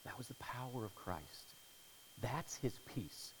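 Man preaching a sermon, mid pitch, gets loud then goes soft and prayerful, long hall echo. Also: animated, a little slow, noisy background. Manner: swings from loud dramatic storytelling to hushed prayer. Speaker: pastor.

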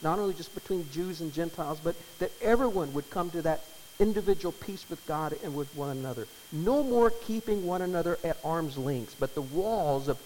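A man's voice: fairly high pitch, a little mellow. A man in his fifties preaching a sermon as pastor, chatty and emotional, telling stories with many restarts. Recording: hall reverb, faint hum.

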